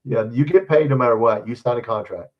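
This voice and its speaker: A man's voice: mid-range voice, brisk. A man, hosting a sports live stream in blunt, grumbling casual chat. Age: 60s. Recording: dull distant mic sound.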